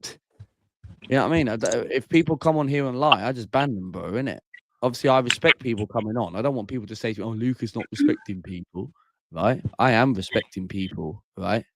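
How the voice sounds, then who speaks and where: A man's voice: mid-range voice, fairly quick, fairly bright tone. A man hosting a casual call-in livestream, talking bluntly and tagging lines with bro and mate. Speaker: livestream host.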